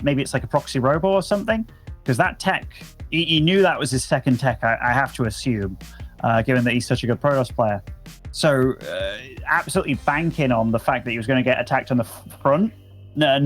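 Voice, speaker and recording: An English man commentating an esports match, chatty and casual with lots of fillers. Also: mid-range voice. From England. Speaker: esports caster. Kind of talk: play-by-play commentary.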